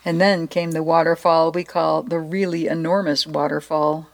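Female storyteller, slightly low pitch, playful read-aloud narration. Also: normal speed. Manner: playful, expressive narration with asides.

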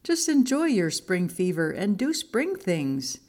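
A woman's voice: medium pitch, very animated, takes it slowly, a little mellow. A woman voicing a friendly jungle neighbor animal in a storybook, kind and encouraging.

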